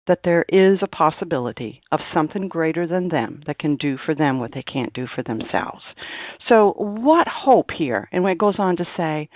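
A woman with a low voice shares her story at a recovery meeting, earnestly repeating the phrases that matter to her. She comes through a thin, tinny phone line. The sound is dry and close, with no room around it. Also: dry recording. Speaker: meeting member sharing. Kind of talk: personal sharing at a recovery meeting.

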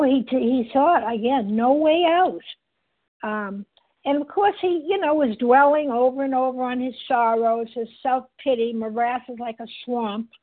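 A woman with a somewhat high, husky voice speaks slowly and reflectively. She often pauses to find her words, and the sound is thin, as if it came over a phone line. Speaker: meeting member sharing. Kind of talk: personal recovery share. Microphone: phone call.

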